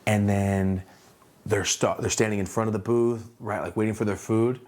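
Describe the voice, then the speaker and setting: Brief: young guy, lowish voice, casual storytime, slangy, animated retelling. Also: moderate pace. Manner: animated, acts out his own quotes with big pitch jumps; slangy and laid-back. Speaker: streetwear brand owner telling a story.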